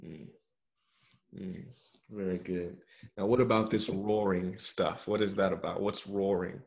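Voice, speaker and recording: A man interviewing a teacher, humming along softly and asking thoughtful questions. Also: low-pitched, fairly even intonation, a little slow, vocal fry. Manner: soft listening hums, thoughtful questions. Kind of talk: spiritual conversation.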